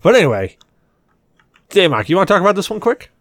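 A man's voice: sits high, big pitch swings, fast talker, dry recording, studio quality. A man hosting a podcast in crude casual chat, rambling, enthusiastic and full of swearing. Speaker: podcast host.

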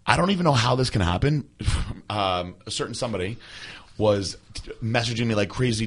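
A man's voice: lowish voice, a little fast, fairly bright tone, breathy edge. A man hosting a podcast, telling a rambling, profane story in casual chat and breaking into laughter. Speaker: podcast host.

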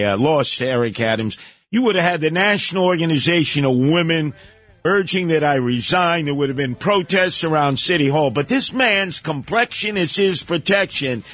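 A man's voice: fairly high pitch, fairly bright tone, dry recording. A man hosting a radio talk show, delivering an opinionated, sarcastic and combative monologue.

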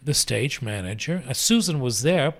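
A man's voice: medium pitch, moderate pace. Older male stage actor as guest, vivid frank storyteller, wide-swinging mid-range voice. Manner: animated raconteur, frank and salty. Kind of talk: casual storytelling chat.

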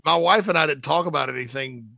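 Gravelly bright-voiced man joking around. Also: fairly high pitch, no echo. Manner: joking, rambling, quick asides. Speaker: sports talk show host. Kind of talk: casual chat.

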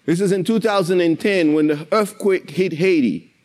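Man, high voice, emotional faith testimony, earnest storytelling, recorded in a warehouse. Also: normal speed, darkish tone. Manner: emotional, earnest, repeats himself while retelling. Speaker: Christian literature publisher sharing a testimony. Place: in his warehouse.

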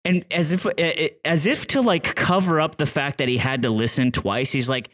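A man's voice: fairly high pitch, moderate pace, a bit bright. A man in casual podcast banter, joking and teasing while he retells small moments.

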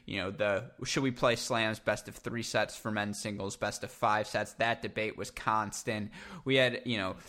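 A man's voice: fairly low pitch, steady tone, normal speed, sharp tone. A man hosting a casual tennis podcast, joking with co-hosts and leading the talk with questions. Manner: joking, leads the discussion with questions. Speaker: podcast host. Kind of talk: casual sports podcast chat.

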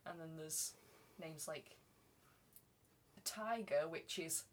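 A woman guest on a casual podcast, playful, self-mocking and quick to giggle. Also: on the low side, fairly even intonation, slight background noise. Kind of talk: casual chat.

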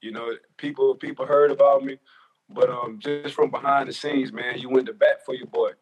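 Flat-voiced man, relaxed and grateful. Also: medium pitch, moderate pace, breathy edge, faint music behind, poor audio. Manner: relaxed, grateful, rambling with restarts. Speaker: former player, guest. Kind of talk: casual podcast chat.

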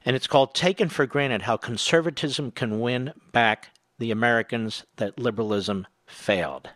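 A man's voice: medium pitch, moderate pace, a bit bright, dry recording. Emphatic male talk radio host. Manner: emphatic, repeats words for stress.

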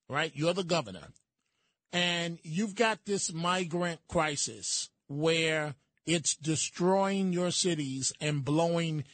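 A man's voice: high voice, dry recording. A man hosting a call-in radio talk show, pressing a caller with repeated interruptions.

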